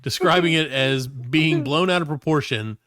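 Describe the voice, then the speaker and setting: A man with a bright, fairly high voice co-hosts a casual comedy podcast. He reads out an odd news story, with laughing asides. His voice sits close and dry on the mic. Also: moderate pace, dry recording. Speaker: podcast co-host.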